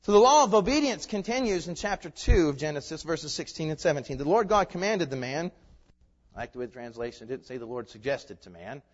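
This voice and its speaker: A man preaching a sermon in a church, lively and emphatic, moving between loud declarations and quiet asides. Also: fairly high pitch, brisk. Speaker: pastor. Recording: dull sound with long hall reverb.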